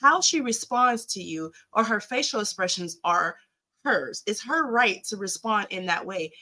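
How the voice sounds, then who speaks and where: A woman's voice: medium pitch, expressive, unhurried, bright, forceful tone. A woman on a podcast in casual chat, earnestly giving relationship advice. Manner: earnest, advising, calls others boo. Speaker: podcast co-host.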